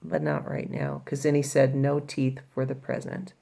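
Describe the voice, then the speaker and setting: Low, gravelly-voiced woman teacher. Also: flat delivery, moderate pace, warm tone. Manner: casual, paraphrasing the characters in everyday speech. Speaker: high school English teacher. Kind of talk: recorded class explanation of a play.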